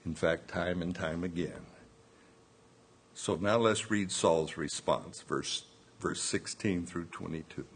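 A man's voice: deep voice, takes it slowly, slightly rough. A man preaching a sermon, reading scripture aloud and explaining the verses in plain asides.

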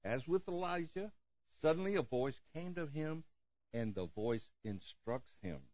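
Guy preaching a sermon, voice goes up and down a lot, kinda gentle, dry dull sound. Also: fairly high pitch, unhurried, no echo. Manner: gentle, lively preaching with soft drops and chuckles. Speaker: pastor.

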